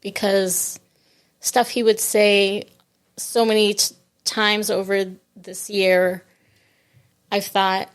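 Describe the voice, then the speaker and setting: A grieving woman telling a personal story in an interview, reflective and halting, with many restarts. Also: mid-range voice, little pitch movement, clean tone. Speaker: podcast guest. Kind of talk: conversational interview.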